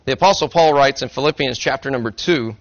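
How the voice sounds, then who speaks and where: A man's voice: medium pitch, fast. Folksy joking man preaching a sermon. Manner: folksy, self-deprecating, joking. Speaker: pastor. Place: church sanctuary. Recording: dry, slightly dull recording.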